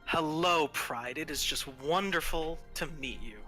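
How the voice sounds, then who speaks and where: A man's voice: fairly high pitch, a little slow, bright, forceful tone, faint music behind, poor audio. A man voicing a tall, smug male villain with bone wings who speaks with mocking, false politeness.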